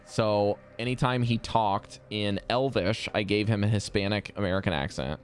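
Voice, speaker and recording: Low-voiced dude running the game, chatting loose and swearing, music faint behind. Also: male voice, moderate pace. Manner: animated, swearing, laughing storyteller. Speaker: game master. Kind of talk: casual chat between game sessions.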